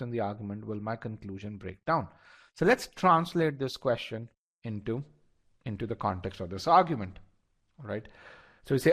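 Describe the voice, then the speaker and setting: A man teaches a live online class at a middle pitch. He speaks directly to his students. He often repeats words and restarts his sentences as he works through a point. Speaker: instructor. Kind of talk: live online test-prep lesson.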